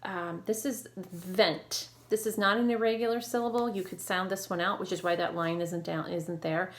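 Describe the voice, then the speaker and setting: A woman teacher leading an online phonics lesson, modeling sounds clearly and slowly and praising her students. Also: lowish voice, steady tone. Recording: echoey room with faint noise.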